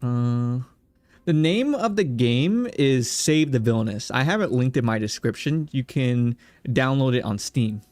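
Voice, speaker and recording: A man's voice: mid-range voice, lively intonation, unhurried, a little mellow, no room sound. Joking male streamer, dry close sound. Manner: joking, talks to chat and game characters. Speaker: streamer playing a visual novel. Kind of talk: casual let's-play chat.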